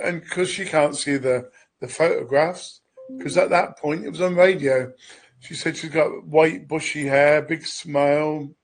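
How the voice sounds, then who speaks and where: A man with a British accent hosting a radio talk, speaking in a loose, rambling conversational way. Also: fairly high pitch. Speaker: radio host. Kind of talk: casual conversation.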